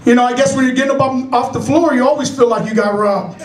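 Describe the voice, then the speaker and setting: A man's voice: very high voice, fast talker, noisy background. A middle-aged man from San Francisco performing a stand-up comedy set, telling stories animatedly and acting out characters in raised voices. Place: comedy club stage. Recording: echoey club from a distance.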